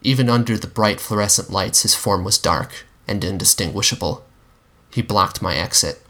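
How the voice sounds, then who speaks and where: A man giving a measured, grave first-person story reading. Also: fairly low pitch, bright, forceful tone. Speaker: story reader.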